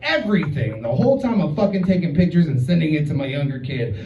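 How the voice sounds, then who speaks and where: A man's voice: on the high side, very animated, fast, slight background noise. A man in his thirties telling a story as a stand-up comedian, profane and chatty with many filler words. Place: comedy club stage. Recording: roomy, distant, muffled club recording.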